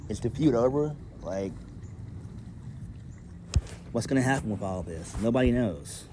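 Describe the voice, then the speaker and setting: A man's voice: medium pitch, lively intonation, a little slow, noisy background. A man giving a casual solo review of a wrestling show, blunt and exasperated, swearing freely and talking to his viewers.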